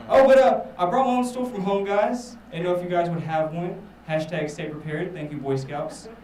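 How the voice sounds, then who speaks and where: High-voiced comedian in an echoey bar. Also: male voice, normal speed, recorded from a distance, a crowd in the background. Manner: rambling, self-mocking storytelling with frequent swearing. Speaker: stand-up comedian. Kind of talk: stand-up set at a live show.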